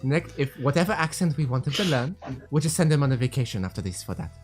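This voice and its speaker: Woman tabletop player, low and animated voice, bossy and laughing. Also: quick pace, faint music behind. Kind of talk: casual game chat.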